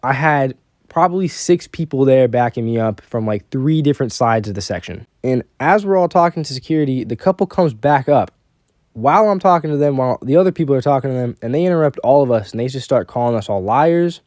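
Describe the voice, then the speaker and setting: A young man casually telling a personal story, animated and quoting the people in it. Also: medium pitch, a little fast, dry recording, studio quality.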